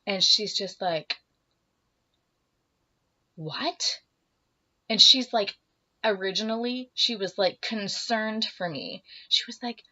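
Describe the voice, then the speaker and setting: A woman's voice: medium pitch, slow, pauses often. A young woman chats to her camera, telling a personal story and acting out both sides of a conversation, sometimes dropping into whispers. She sounds a little emotional and teary. The recording is slightly dull and lo-fi. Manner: animated, acts out dialogue, drops to whispers. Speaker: vlogger.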